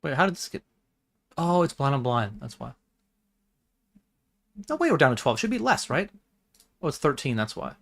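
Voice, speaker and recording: A man talks half to himself as he plays online poker on a stream, tallying what is left and tossing off dry asides. His voice sits at a middling pitch, and his tone stays casual and mumbling. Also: very animated, normal speed, creaky, long pauses, a bit bright. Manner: muttering, wry, thinks aloud. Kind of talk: casual live-stream commentary.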